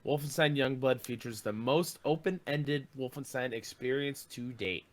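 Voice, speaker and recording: A man co-hosting a podcast in casual banter. He is excitable and quick to protest jokingly. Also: mid-range voice. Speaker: podcast co-host.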